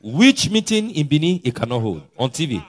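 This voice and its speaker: Animated preacher man. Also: a little high, brisk. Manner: emphatic preaching, swinging between loud and hushed, chuckling often. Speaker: pastor. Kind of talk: sermon.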